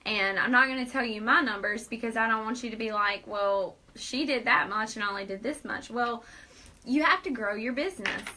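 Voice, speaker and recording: Young woman doing a live q&a, bright high voice, upbeat and pushy, laughs a lot. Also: fairly quick, slight background noise, poor audio. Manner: upbeat, persuasive, laughs often. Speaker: host. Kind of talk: live video Q&A chat.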